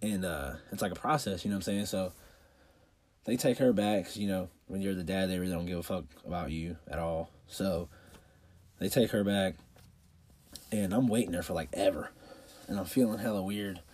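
A man's voice: low voice, normal speed, darkish tone. A man in his twenties telling a rambling, profanity-laden personal story full of fillers, coughing with a cold. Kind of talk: casual personal anecdote.

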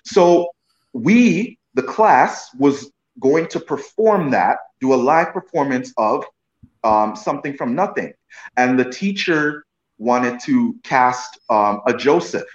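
A man's voice: medium pitch, animated, slow. A man spins a casual, rambling anecdote, restarting his sentences and leaning on "you know what I mean." His voice sits in the middle range and sounds roomy. The recording is dull and lo-fi. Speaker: guest actor. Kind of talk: casual storytelling interview.

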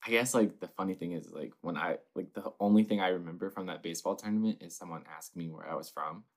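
A young man from Northern Kentucky hosts a casual interview in a fairly low voice. He is chatty and animated as he tells stories. He fills nearly every sentence with "like". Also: fast talker. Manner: chatty and animated, with constant "like" fillers. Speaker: interviewer, host.

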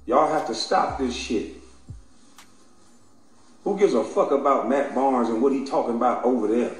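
A commentator with a mid-range voice talks at a normal speed through a profane, heated rant, taunting and mocking his targets and laughing between insults. The room is very echoey, with faint music in the background.

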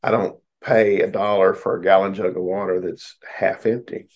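A man's voice: sits low, level tone, normal speed, a little mellow. A middle-aged American man, a psychotherapist host, giving casual advice to his listeners in a folksy, joking way.

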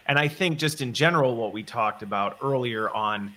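A man with a bright, forward voice hosts a relaxed conversation. He thinks aloud as he goes, circling back and rephrasing his points before landing them. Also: mid-range voice, normal speed. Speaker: podcast host. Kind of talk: conversational interview.

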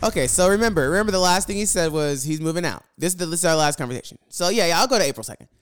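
A man's voice: a little high, lively intonation, racing, a little hiss or hum. A young man telling viewers a storytime rant about his roommate, exasperated and profane, repeating phrases for emphasis. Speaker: vlogger.

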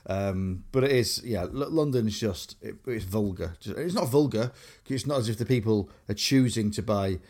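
A young man with a fairly low voice chats loosely as a podcast co-host. He rambles, piles up fillers and restarts his sentences constantly. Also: normal speed, few pauses, a little mellow. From Grimsby, England. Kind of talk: casual chat.

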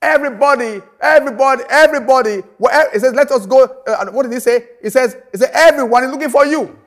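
A man's voice: extremely high pitch, fast. A man preaching a sermon, emphatic, repeating phrases and asking rhetorical questions.

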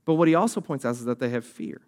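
A man's voice: mid-range voice, lively intonation, fast talker, a little mellow. A young man preaching a sermon as a youth pastor, talking conversationally and acting out voices from the story.

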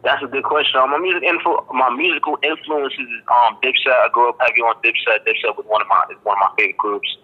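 A man from Boston, a rapper giving a relaxed interview in slangy talk full of fillers and "you dig.". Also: mid-range voice, fast talker, hardly any pauses. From Boston, Massachusetts. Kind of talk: casual interview chat. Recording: dull lo-fi line.

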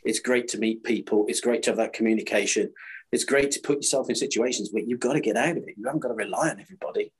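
A man's voice: mid-range voice, fast, breathy edge. A British man in his fifties chatting casually on a podcast, rambling and restarting as he tells stories. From Britain. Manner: rambling, repeats and restarts, animated storytelling. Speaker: supplier to the screen printing trade.

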